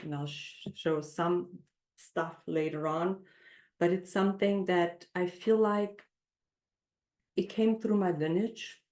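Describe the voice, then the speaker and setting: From her home kitchen, a middle-aged baking instructor runs a live online class and guides a calm breathing exercise. Her lowish voice is gentle, and the audio carries a roomy quality.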